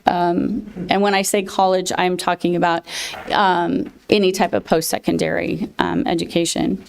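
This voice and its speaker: Halting woman presenting at a meeting. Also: lowish voice, little pitch movement, vocal fry. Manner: halting, many fillers, emotional thanks. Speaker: presenter of a college access program. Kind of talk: public presentation at a board meeting.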